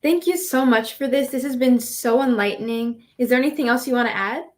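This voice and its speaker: A woman's voice: on the high side, brisk. A woman interviewing a guest in a casual way, mostly giving short affirming replies and asking questions. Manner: brief affirming backchannels.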